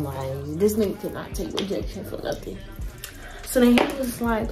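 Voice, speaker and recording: A young woman vlogger chatting casually through a storytime while installing a wig, animated and full of slang, acting out what people said. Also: a little high, normal speed. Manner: animated, slangy, acts out quoted dialogue. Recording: music playing behind voice. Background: hip hop music.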